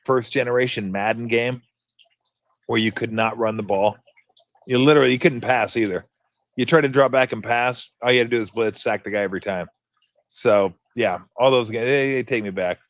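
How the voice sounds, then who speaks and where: A man in his fifties talks casually on a radio show with a middle-pitched voice. He tells stories with bursts of energy and mimics old game noises. The recording is dry and close. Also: moderate pace, dry recording. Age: 50s. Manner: animated storytelling, mimics game sound effects. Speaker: sports radio host.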